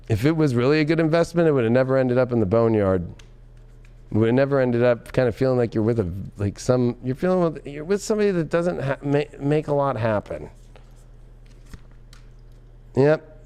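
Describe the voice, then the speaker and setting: A man giving a tarot reading in an excitable, loud and profane way, often breaking into laughter. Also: medium pitch, clear, resonant tone. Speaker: tarot reader.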